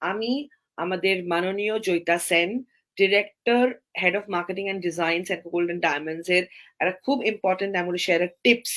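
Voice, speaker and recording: Very fast-talking woman host. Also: lowish voice, fairly even intonation, a bit bright. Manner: mixes Bengali and English. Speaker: show host. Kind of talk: hosting a talk show.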